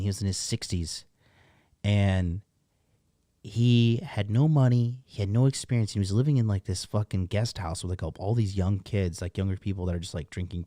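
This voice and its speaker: A man with a low, dry voice, a dating coach who hosts, sits at a desk indoors and rants casually to the camera. He's blunt, swears heavily, and wanders into rambling asides. The recording sounds mellow and dry.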